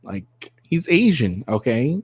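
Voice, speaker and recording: A man riffs on a viral clip in a crude, mocking ramble. He keeps breaking into giggles and lets his pitch bounce around a lot. He sounds close and dry, with no room sound. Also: sing-song, slow pace, a little mellow, husky, dry recording. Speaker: commentary channel host. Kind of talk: casual reaction commentary.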